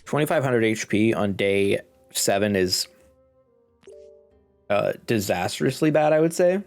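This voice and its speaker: A man's voice: fairly low pitch, animated, a little slow, faint music behind. A congested man casually commenting on his game as he plays, thinking aloud and chuckling. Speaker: gaming video host.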